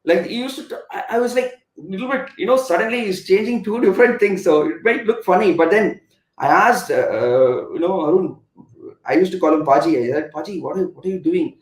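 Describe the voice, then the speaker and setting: A man's voice: high-pitched, expressive, fairly quick. A middle-aged man with an Indian English accent, a former cricketer telling stories as a guest in a live online interview, rambling with many fillers and restarts. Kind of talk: conversational storytelling on a live web interview. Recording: roomy echo.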